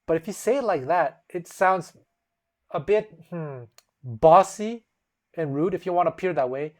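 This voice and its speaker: This is a host giving a relaxed spoken lesson, walking through examples one at a time. The voice sits in a middle pitch. Now and then it slips into a different tone to act out a phrase. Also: normal speed. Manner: explains step by step and acts out example phrases in shifting tones. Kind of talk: casual explanatory lesson.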